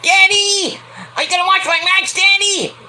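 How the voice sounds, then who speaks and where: A man doing a shrill spoiled daddy's girl. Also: fairly even intonation, normal speed, sharp tone, slight background noise, heavily acted. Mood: whiny. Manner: shrill, whiny falsetto. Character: spoiled whiny young woman begging her daddy.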